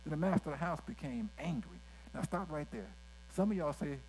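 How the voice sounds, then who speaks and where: A male pastor with a drawl preaching in an animated, conversational way, his voice sitting a little high. He drops folksy asides and checks in with the congregation as he goes. A faint electrical hum runs under the recording. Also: fairly quick, low-quality recording. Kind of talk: sermon.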